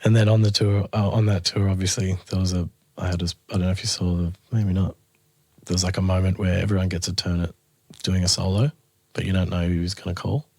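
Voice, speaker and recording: A man's voice: low-pitched, fast, dry recording. A man, a guest musician, telling a story in a casual interview, laughing often and acting out what people said. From Australia. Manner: animated, laughing storyteller who acts out quotes.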